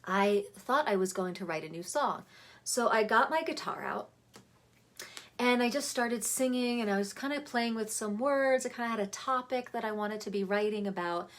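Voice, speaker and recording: A woman coaching on channeling sound, talking casually in a gentle, dreamy way, slowing down and stretching words for emphasis, with many fillers and restarts. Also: on the high side. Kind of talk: casual teaching monologue.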